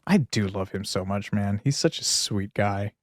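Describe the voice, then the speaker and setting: A man's voice: fairly low pitch, expressive, moderate pace, dry recording, clean studio sound. A man co-hosting a podcast in casual chat, talkative, laughing often and slipping into playful voices. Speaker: podcast co-host.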